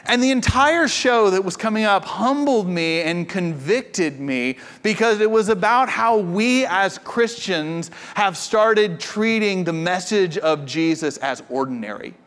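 A man, likely in his thirties, preaching a sermon as pastor with animated, playful storytelling. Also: high voice, measured pace, few pauses, long reverb tail.

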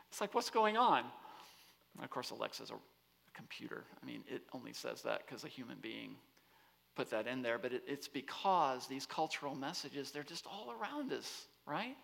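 A man giving an animated talk to students on a campus, often asking the audience rhetorical questions. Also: medium pitch, moderate pace, vocal fry. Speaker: speaker. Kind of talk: lecture-style talk to students. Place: large hall on a college campus. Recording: long hall reverb.

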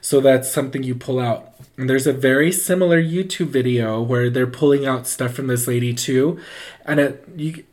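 Man telling a story casually, animated and rambling, acts out voices, mid-range pitch. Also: moderate pace. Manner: loose and rambling, full of "like".

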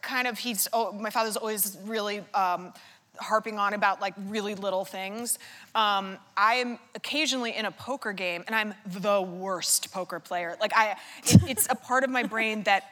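A woman guest author in a live onstage conversation, telling rambling, self-deprecating stories full of quick imitations. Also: mid-range voice, fairly bright tone, in a large hall. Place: theater stage before a live audience.

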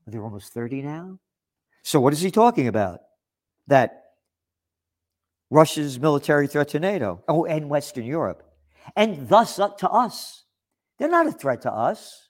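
A man's voice: fairly high pitch, sing-song, moderate pace, long pauses. A man delivering an opinion monologue, reading out news articles and rebutting them in a sarcastic, indignant tone. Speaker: political commentator.

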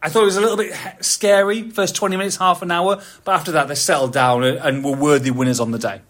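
Chatty man in his forties, slightly high voice. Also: fast. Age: 40s. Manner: chatty, animated storyteller, laughs often. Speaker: podcast host. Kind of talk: casual chat.

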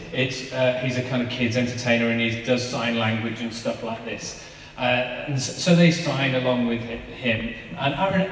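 Chatty preacher in an echoey hall. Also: male voice, mid-range voice, a little hiss or hum. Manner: chatty, conversational, with frequent fillers and laughs. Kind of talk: informal sermon with family anecdotes. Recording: echoey hall, mic at a distance.

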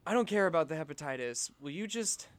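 A man's voice: a little high, lively intonation, quick pace, no echo, lightly acted. A man playing an awkward, needy, lovesick young man who talks hesitantly in an improvised comedy sketch. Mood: needy, sad.

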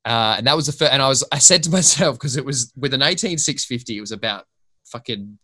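A man's voice: medium pitch, lively intonation, quick pace, bright, forceful tone, no echo. An Australian man, a podcast guest, rambling through a story in casual chat and swearing freely.

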